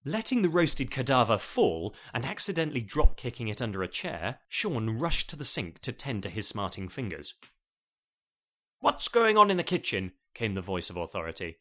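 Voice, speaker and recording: A man's voice: on the low side, very animated, fairly quick, hardly any pauses. A man narrating a comic story in a wry, playful way.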